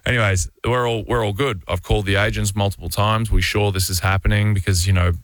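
An Australian man in his thirties tells a rambling story full of fillers and restarts. His voice sits deep and stays level in tone. The sound is dry and close. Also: fairly even intonation, fast talker, fairly bright tone, no room sound. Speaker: interview guest. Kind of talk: casual storytelling.

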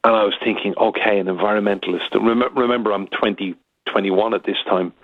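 A man's voice: fairly low pitch, fairly even intonation, quick pace, no echo. A man in his fifties, a reporter and news anchor, telling a story down the phone in a chatty way. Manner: chatty storyteller, acts out quotes. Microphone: telephone. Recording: tinny phone line.

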